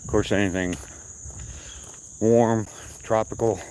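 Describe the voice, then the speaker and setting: A man's voice: fairly low pitch, fairly even intonation, takes it slowly, mellow, slight background noise, rough recording. An older man with a slight Southern accent, chatting casually with viewers on a live stream while out on a walk, rambling from topic to topic. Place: outdoors at night on a walk.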